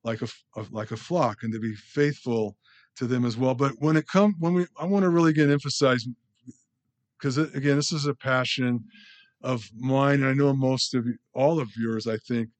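Male pastor, casual sermon, rambling delivery, fillers, restarts, mid-pitched voice. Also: moderate pace. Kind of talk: conversational sermon.

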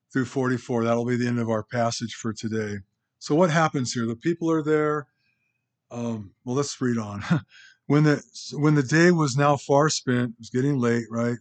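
A pastor preaching a conversational sermon, rambling with restarts and asides to the congregation. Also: male voice, mid-range voice.

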